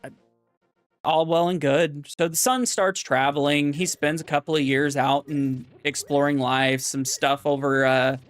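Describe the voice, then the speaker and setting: Rambling man spinning a long joke. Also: a little high. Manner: rambling, full of fillers and self-corrections. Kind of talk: telling a long joke on stream.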